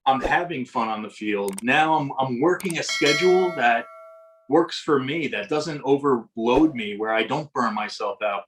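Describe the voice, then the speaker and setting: A man's voice: medium pitch, a bit bright, rough recording. A middle-aged man, an umpire guest on a podcast, telling reflective stories in a rambling way with many restarts. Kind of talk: casual storytelling in interview.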